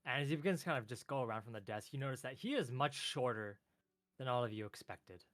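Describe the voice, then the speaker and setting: A man narrating a tabletop game as game master in a loose, relaxed way with lots of filler words. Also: medium pitch, quick pace, no echo, studio quality.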